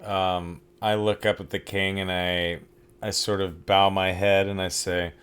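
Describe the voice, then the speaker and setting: Deep-voiced player, courtly in character. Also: male voice, flat delivery, unhurried, a bit bright, clear, resonant tone. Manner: courtly and persuasive when in character. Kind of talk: playing a tabletop game in character.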